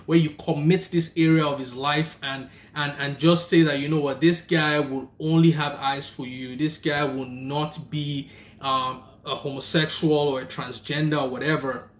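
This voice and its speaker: A young Nigerian man with a Nigerian accent, telling a personal story and giving faith-based marriage advice in a lively, casual way. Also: fairly high pitch, moderate pace, roomy sound. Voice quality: animated, acts out the people in his story. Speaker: vlogger and rideshare driver.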